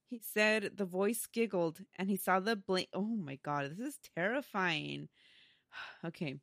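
A woman's voice: on the low side, measured pace, dry recording, clean studio sound. A woman co-hosting a casual spooky-story podcast, chatting and laughing often as she reads a listener's story aloud. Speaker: podcast co-host.

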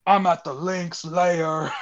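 A man's voice: a little high, fairly even intonation, slow, highs cut off, voice pushed up. A man voicing a young man in his twenties faking being very drunk on the phone, slurred and loose. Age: 20s.

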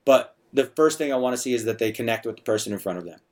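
A middle-aged man chatting on a podcast, voice sitting at an ordinary middle pitch. He tells stories in a loose, rambling way, circling back over his words as he goes. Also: lively intonation, very fast, darkish tone. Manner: chatty, storytelling, frequent restarts and filler. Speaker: bar owner and bartender guest. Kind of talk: casual podcast conversation.

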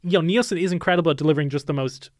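Chatty man with a higher voice. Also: very fast, darkish tone, no room sound, studio quality. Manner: chatty, laughs often, recounts scenes. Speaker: podcast co-host. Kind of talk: casual film discussion.

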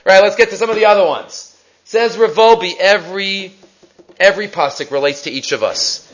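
A man teaching a Torah class, reading Hebrew texts aloud and retelling stories with animated quotes. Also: sits high, normal speed, highs cut off.

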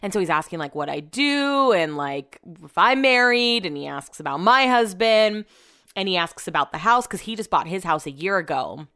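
Chatty thirties woman, smooth clear voice, casual storyteller who swears and says "like" a lot. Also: lowish voice, lively intonation, normal speed, bright, forceful tone. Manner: chatty, heavy use of "like", swears freely.

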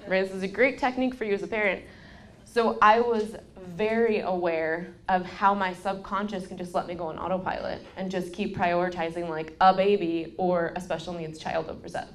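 A woman in her thirties hosting a podcast, giving casual parenting advice and telling personal stories, quoting people in a lively way. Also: mid-range voice. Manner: candid storytelling, quotes people in a lively way. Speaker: podcast host.

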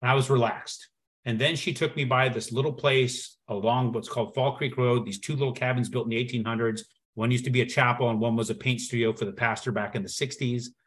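A man telling a personal story as a podcast guest, acting out the dialogue with lively shifts in his voice. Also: medium pitch, brisk. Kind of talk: storytelling in conversation.

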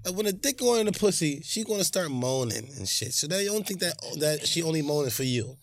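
A man co-hosting a podcast, telling crude stories in casual, animated chat. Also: a little high, brisk, slight background noise. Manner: profane, animated storytelling. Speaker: podcast co-host.

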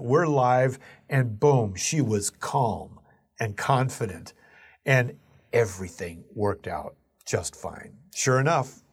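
A man, a Catholic teacher and speaker, reflectively sharing personal stories in an earnest, conversational way. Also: mid-range voice. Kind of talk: personal storytelling talk.

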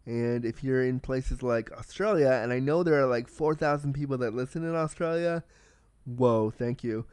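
A man hosting a solo podcast in a casual, candid and excitable way, swearing freely and talking with a slight cold. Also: fairly high pitch, moderate pace, clean tone, dry recording. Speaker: podcast host.

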